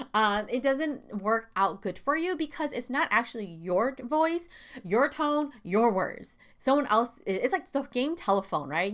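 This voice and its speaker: A woman's voice: fairly high pitch, fairly bright tone. A woman hosting a self-help podcast, talking candidly and casually with lots of fillers and asides. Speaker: podcast host.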